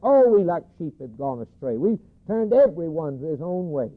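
Husky preacher man, tinny recording. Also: on the high side, very animated, normal speed. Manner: emphatic, repeats key phrases, swings between loud and hushed. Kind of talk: sermon.

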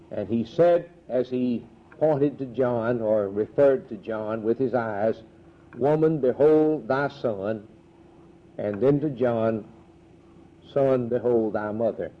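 A man preaching a sermon in a slow, measured way, with emphatic rises on key words. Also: mid-range voice. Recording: dull lo-fi recording.

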